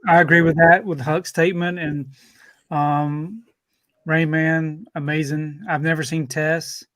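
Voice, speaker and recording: A man chatting as a guest on a casual livestream panel, slow and halting. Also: fairly high pitch, little pitch movement, a bit bright, no echo.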